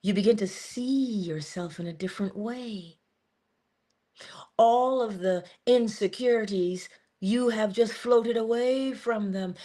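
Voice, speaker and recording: A woman's voice: medium pitch, expressive, unhurried, mellow. A woman giving an earnest but casual inspirational monologue as a motivational speaker, talking conversationally with sudden emphasis.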